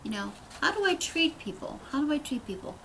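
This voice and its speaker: A woman's voice: high voice, big pitch swings, brisk, sharp tone, slight background noise, poor audio. A middle-aged woman giving a casual, earnest spiritual talk, rambling with many restarts. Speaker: host.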